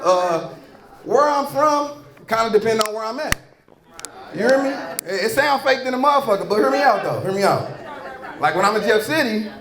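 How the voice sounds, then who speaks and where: A man with a St. working a comedy club crowd, his voice sitting high and carrying crude, playful jokes that break into shouts. The room rings with echo around him. A loud, lively audience roars behind him. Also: noisy background. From St. Louis, Missouri. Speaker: stand-up comedian. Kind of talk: stand-up comedy set. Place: comedy club stage before a live crowd. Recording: echoey club with a roaring crowd.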